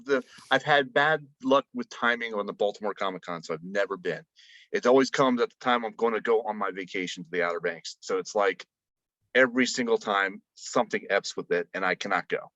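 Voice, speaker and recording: A man's voice: lowish voice, brisk, fairly bright tone, no echo, lo-fi sound. A man chatting casually as a podcast guest, rambling with many fillers and restarts. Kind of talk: casual chat.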